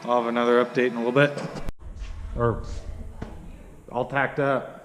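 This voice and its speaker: A man's voice: mid-range voice, little pitch movement, moderate pace, in a large hall, slight background noise, rough recording. A man casually walking through his truck build in a workshop, talking loosely with lots of fillers and restarts. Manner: rambling, many fillers and restarts. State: hiccuping. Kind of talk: casual shop walkthrough.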